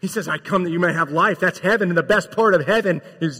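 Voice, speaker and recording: High bright-voiced preacher in a big hall. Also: male voice, fast, hardly any pauses, husky. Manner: emphatic, swings from loud to hushed, casual slang. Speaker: pastor. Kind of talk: sermon. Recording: long hall reverb.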